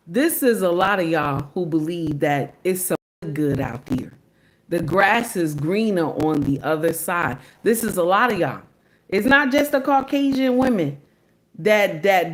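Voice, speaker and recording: A woman hosting a livestream, reacting to clips in sassy, preachy casual commentary and repeating lines for emphasis. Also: on the low side.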